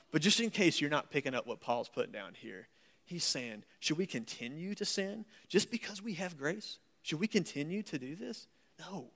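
Folksy, animated male pastor preaching. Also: fairly high pitch. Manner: folksy, animated and joking, reading scripture aloud. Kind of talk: sermon. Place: church service.

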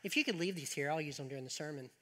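A man preaching a sermon in a church, with a high and forceful voice. He speaks in a folksy way and tosses joking asides to the congregation. His voice carries a long hall reverb. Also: rapid-fire. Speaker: pastor. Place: church sanctuary.

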